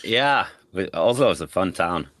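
A Norwegian man hosting a podcast, chatting in a relaxed way and laughing often. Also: low-pitched, moderate pace, no echo. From Norway. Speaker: podcast host. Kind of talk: casual interview chat.

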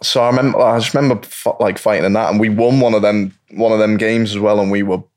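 A man's voice: fairly low pitch, steady tone, fast talker, darkish tone. A young man chatting casually as a podcast guest, telling stories and laughing often. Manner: laid-back storytelling, laughs often. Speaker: guest footballer. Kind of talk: casual chat.

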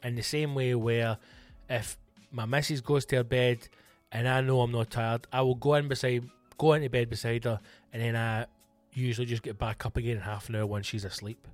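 A Scottish man in a mid-pitched voice runs his comedy podcast alone, talking straight to the listeners. He swears freely and puffs himself up into a mock-grand tone as he answers their questions. Faint music sits under his voice. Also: steady tone, a little fast. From Scotland.

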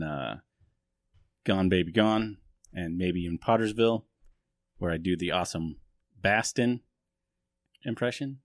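A man's voice: low voice, dry recording, clean studio sound. A man hosting a podcast in casual chat, joking, self-mocking and rambling. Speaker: podcast host.

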